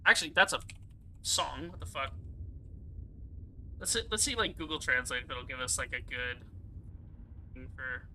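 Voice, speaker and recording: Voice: medium pitch, steady tone, normal speed, long pauses, bright, forceful tone, slight background noise, rough recording. A gaming streamer giving casual live commentary, rambling, swearing freely and laughing often.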